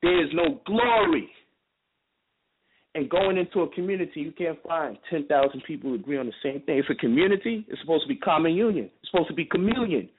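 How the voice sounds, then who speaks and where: A man holds forth as a radio guest in a heated, preaching monologue, pitched high for a man and swinging between shouted questions and lower, grinding repetition. He swears freely and drives each point home again and again. His voice comes through a thin, phone-like line with a faint hiss behind it. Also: expressive, quick pace, few pauses. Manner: forceful, profane, repetitive rhetorical questions.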